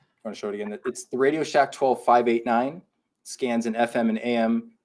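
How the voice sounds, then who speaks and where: A man co-hosting a live paranormal podcast in a relaxed, chatty way. He reads out listener messages and answers them in an even, everyday voice. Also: medium pitch, a little fast. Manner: reads listener comments aloud and reacts. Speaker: podcast co-host. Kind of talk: casual live podcast chat.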